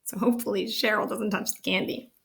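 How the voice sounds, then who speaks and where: A woman's voice: medium pitch, steady tone, fairly quick, creaky, noisy background. A woman reading a picture book aloud, breaking off for chatty, amused asides. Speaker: storybook reader. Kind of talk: read-aloud storytelling with asides.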